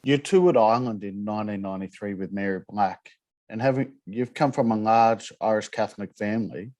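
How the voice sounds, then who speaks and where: A man in his forties hosting a podcast, asking measured, reflective questions. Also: on the low side, darkish tone, no room sound. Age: 40s. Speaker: podcast host. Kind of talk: interview questions.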